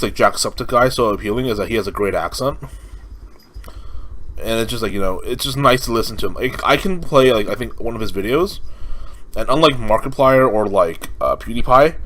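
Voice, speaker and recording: A man's voice: mid-range voice, expressive, brisk, long pauses, a bit bright, poor audio. A young man from California giving casual let's-play commentary, rambling with lots of fillers and restarts. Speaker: gaming commentator.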